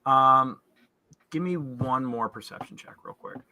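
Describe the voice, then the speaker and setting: A man's voice: medium pitch, a little slow, bright, forceful tone, slight background noise. A man narrating as game master, describing scenes in a loose, searching way with fillers and restarts.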